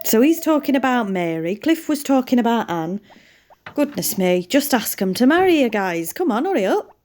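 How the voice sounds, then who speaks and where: A woman's voice: a little high, sing-song, moderate pace, darkish tone. British female game streamer, casual voice-over chat, laughs at her own jokes. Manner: chatty, self-mocking, laughs often. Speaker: gaming channel host. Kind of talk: casual let's-play commentary.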